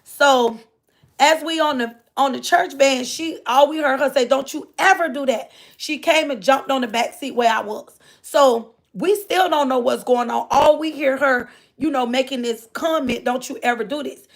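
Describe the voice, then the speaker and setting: A woman telling her viewers a story in a loose, rambling way. Her voice sits high and has a rough, gravelly fry running through it. She repeats phrases and keeps turning to speak straight to her listeners. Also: normal speed. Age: adult. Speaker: livestreamer reading viewer comments.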